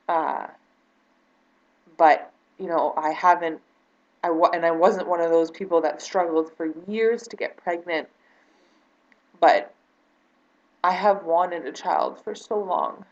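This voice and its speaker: Low-voiced woman vlogging, full of ums. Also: takes it slowly, long pauses, lo-fi sound. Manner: hesitant, many fillers and restarts; earnest, close to tears. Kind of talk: personal vlog, talking to camera.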